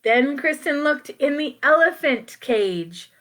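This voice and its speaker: A woman reading a children's picture book aloud, playful and expressive, with asides to her young listeners. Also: high-pitched, slow. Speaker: children's story reader.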